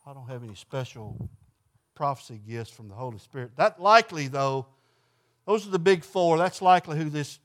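A man's voice: on the high side, a bit bright. A man leading an informal Bible study class in a folksy way, putting questions to the group and answering them himself.

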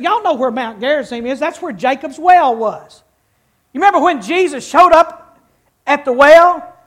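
A preacher reading scripture and teaching a congregation in a folksy, interactive way in church. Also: high voice. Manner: folksy, teaching, with audience participation. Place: church before a live congregation.

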